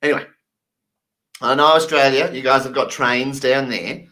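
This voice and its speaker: A man's voice: mid-range voice, steady tone, normal speed, sharp tone, poor audio. A man from England, doing stand-up storytelling and acting out the voices of the people in his anecdotes. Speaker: stand-up comedian.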